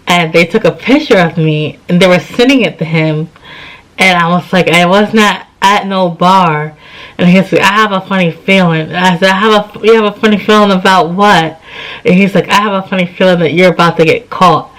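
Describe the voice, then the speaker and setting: A tired woman in her thirties, yawning as she vlogs, tells a personal story to camera in a casual, chatty storytime. Her lowish, slightly bright voice moves fairly quickly, and she acts out both sides of old conversations with quoted dialogue. The recording quality is low.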